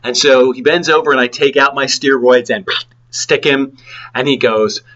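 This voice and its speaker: A man lecturing on law, explaining points through lively acted-out examples with sound effects. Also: medium pitch, normal speed, dull audio. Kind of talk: classroom lecture.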